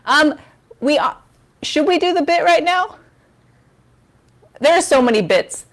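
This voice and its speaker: A woman hosts a charity livestream from her home kitchen, chatting on a lavalier mic in a rambling, giggly, self-mocking way. Her high-pitched voice is expressive and measured in pace.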